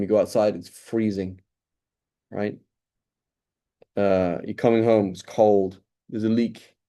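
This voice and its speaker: Middle-aged guy teaching a class, kinda low warm voice, lots of um and right and restarts. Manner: casual, conversational, with many fillers and restarts. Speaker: Islamic studies teacher. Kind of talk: informal lecture.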